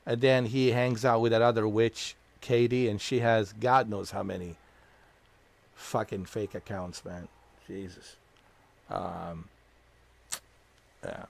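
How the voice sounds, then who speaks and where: A gameplay streamer gives crude, mocking, profane commentary as he plays a video game in a casual way. His gravelly voice is fairly low in pitch with fairly even intonation, and he speaks slowly with long pauses.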